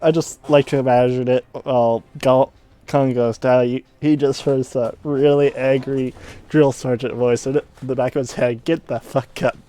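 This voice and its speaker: A man's voice: medium pitch, little pitch movement, a little slow, warm tone, clear, resonant tone. A man playing a tabletop game, talking in an offhand and profane way. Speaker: player. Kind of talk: casual chat over a tabletop game.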